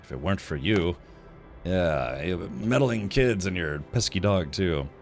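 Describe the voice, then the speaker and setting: A man doing a resentful young traitor son with a fake French accent, low, drawn-out and sneering. The lines come slow and bitter over game music in a video game. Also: lively intonation. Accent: put-on French accent.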